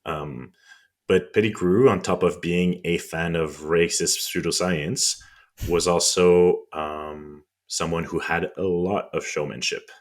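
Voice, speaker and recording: A man's voice: deep voice, steady tone, slow. A man with a French accent, a podcast co-host explaining history in casual chat, with frequent ums and restarts on tricky words.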